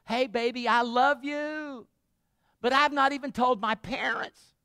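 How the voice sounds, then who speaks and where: A man's voice: very high-pitched, steady tone, unhurried, pushed and bright, clean tone, dry recording, clean studio sound, voice pushed up, exaggerated voice. A man preaching while voicing a young, hot-headed strongman who brags and makes bets. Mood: coaxing. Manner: brash, bragging and raised.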